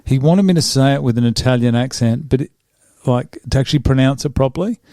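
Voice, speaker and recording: A man's voice: medium pitch, quick pace, mellow, no room sound, clean studio sound. A man hosting a podcast, joking and rambling in casual chat, often breaking off mid-sentence. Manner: joking, rambling, self-interrupting. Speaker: podcast host.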